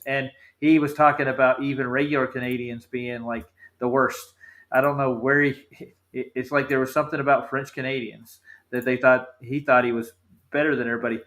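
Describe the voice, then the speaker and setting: Man, bright forceful voice, casual chat, rambling anecdote. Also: mid-range voice, low-quality recording. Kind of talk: casual storytelling.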